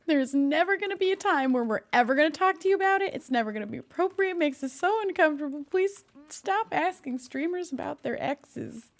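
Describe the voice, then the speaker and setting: A woman's voice: sits high, lively intonation, a little fast. A woman streamer chatting casually with her live viewers, laughing often and talking to her cat between thoughts.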